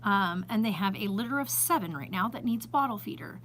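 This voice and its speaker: A woman's voice: mid-range voice, expressive, a little fast, a bit bright, slight background noise, rough recording. A woman vlogging to a handheld phone in her small store, chatty and exasperated, often laughing and emphatic. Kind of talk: casual chat to camera.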